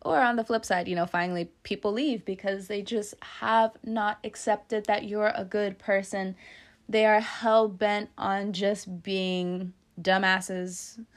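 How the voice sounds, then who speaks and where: A woman giving a casual tarot reading, chatty and playful, laughing often and swearing now and then. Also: mid-range voice. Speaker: tarot reader.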